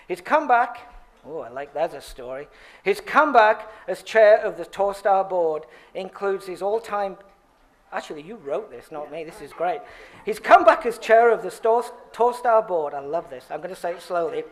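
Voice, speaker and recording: A man's voice: sits high, lively intonation, moderate pace. A man reading an award tribute speech at a podium, with playful asides and laughing at his own script. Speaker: award presenter. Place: banquet hall at an awards dinner.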